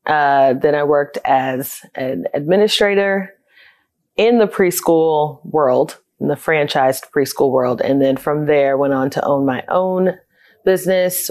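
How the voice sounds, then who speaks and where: A low-pitched, darkish voice belongs to a South Florida woman in her thirties who owns a childcare business. She tells her life story in an interview, candid, reflective and conversational.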